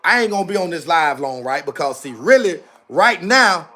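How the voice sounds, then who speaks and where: A man's voice: sits high, animated, normal speed, hardly any pauses, pushed and bright. A man hosting a casual livestream from home, talking straight to his viewers in a fired-up, repetitive rant. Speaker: livestream host. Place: indoors at home on camera.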